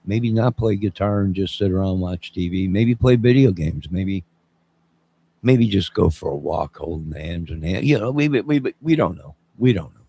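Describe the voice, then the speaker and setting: A man in his fifties with a very low, gravelly voice, talking loosely on his own live stream. He rambles from one joke to the next and answers viewers in the chat. His tone stays husky and rough throughout. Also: lively intonation, normal speed, warm tone. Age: 50s. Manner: rambling, jokey, responds to chat. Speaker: channel host.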